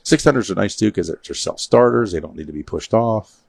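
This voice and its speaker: A man hosts a relaxed studio chat, spinning jokey stories and reading out viewer comments. His voice sits fairly low and sounds dry and close to the mic. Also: brisk, gravelly, no room sound. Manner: storytelling, joking, reads viewer comments aloud. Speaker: show host. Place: small studio.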